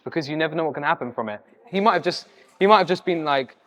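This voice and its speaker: A young man, a social media creator and podcast guest, telling a story in a casual, animated way, jumping up in pitch when he acts out what people said. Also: fast talker. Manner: animated, acts out quoted voices with sudden pitch jumps.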